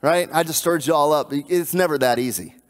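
A male pastor preaching a sermon, animated and emphatic, repeating phrases for emphasis. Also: fairly high pitch, brisk.

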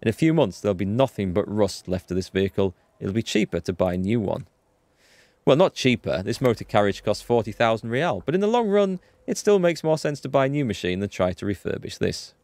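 Brief: a man doing a tactful, patient lieutenant, lowish voice, dry close sound. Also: sing-song, a little fast, a little mellow, no room sound. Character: calm, tactful male police lieutenant.

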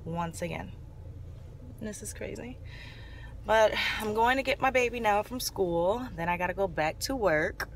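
A woman's voice: medium pitch, measured pace, a little hiss or hum. A young woman, telling a story in a casual, emphatic vlog while walking outdoors on a city street with a handheld phone camera. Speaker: vlogger.

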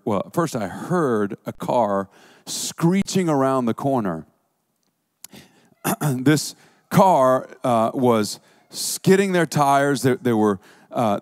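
Slow, dry-voiced pastor telling a story. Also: male voice, mid-range voice, darkish tone, no echo. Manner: vivid storytelling with dramatic swings. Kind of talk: sermon.

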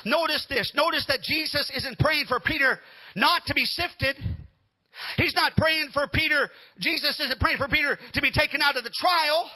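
A man preaching a fervent sermon, shouting amens and hallelujahs, a little out of breath. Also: very high-pitched, normal speed. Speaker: pastor.

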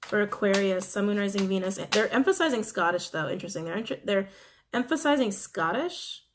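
A woman's voice: mid-range voice, expressive, fairly quick. Musing woman doing a tarot reading. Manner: musing, repeats phrases, chuckles. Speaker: tarot reader.

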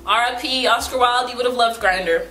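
Here a young woman talks books on camera in a casual, rambling way, heavy on fillers and teasing herself playfully as a book vlogger. She speaks a little high, at a moderate pace, with a sharp tone. The recording has a roomy echo and faint background music.

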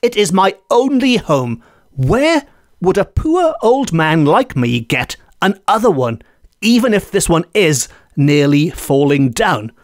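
A man's voice: high-pitched, sing-song, slow pace, dry recording, studio quality, heavily acted. A man voicing a crafty, poor old countryman who haggles in a folk tale.

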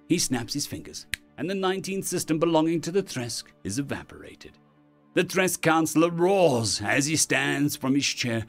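Man, story narrator, dramatic, animated delivery, faint music behind. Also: mid-range voice.

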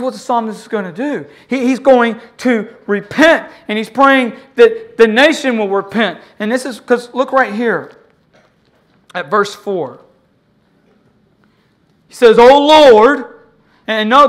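An impassioned pastor in the middle of a sermon, who calls out to the congregation for amens. The delivery swings from loud, pleading cries to quiet, low tones. The pitch sits in a middle range. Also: a little slow. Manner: call-and-response with the congregation.

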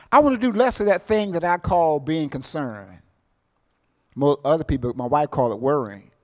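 Man, middle-aged pastor, sermon, somewhat high pitch, repeats phrases, calls for amens, loud and soft swings. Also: measured pace, long pauses, long reverb tail. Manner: call-and-response, asks the congregation for amens; swings between loud bursts and soft low asides.

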